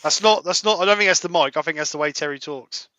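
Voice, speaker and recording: A man hosting a live online quiz, reading out questions in a brisk, joking manner. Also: a little high, pushed and bright, no room sound. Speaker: quizmaster. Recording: slightly dull lo-fi mic.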